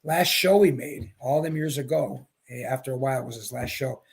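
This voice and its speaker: Old guy rambling through bowling stories, gravelly and husky, a bit high voiced. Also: brisk. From Pennsylvania, US. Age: 70s. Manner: rambling, animated anecdotes with restarts. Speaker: guest, retired pro bowler. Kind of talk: casual storytelling.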